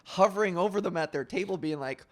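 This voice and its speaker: A young adult podcast host and comedian telling a story in casual chat, swearing freely and rambling. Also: medium pitch. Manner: profane, rambling, drops into quick put-on voices.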